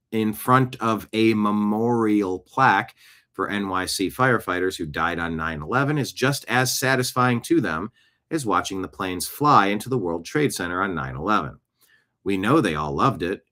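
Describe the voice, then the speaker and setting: A man's voice: on the low side, animated, moderate pace, pushed and bright. A man hosting a talk show, giving scornful, emphatic opinions on the news. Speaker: show host.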